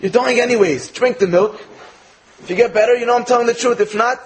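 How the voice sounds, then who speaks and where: A man voicing a clever commoner who calmly talks his way out of trouble before a king. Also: very high-pitched, quick pace. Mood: persuasive. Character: clever, smooth-talking male commoner.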